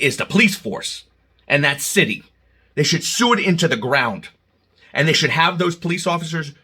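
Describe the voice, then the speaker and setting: A man delivers a heated, emotional monologue to his viewers, stumbling over restarts and jumping into loud outbursts. His voice is bright and forceful, with a husky edge to it. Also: mid-range voice. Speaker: channel host. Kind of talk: opinion monologue to camera.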